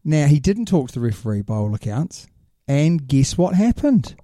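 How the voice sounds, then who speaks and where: Very dark-voiced man chatting. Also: a little high, big pitch swings, normal speed, no room sound, studio quality. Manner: chatty, joking, trails off mid-sentence. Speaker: podcast co-host. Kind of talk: casual sports chat.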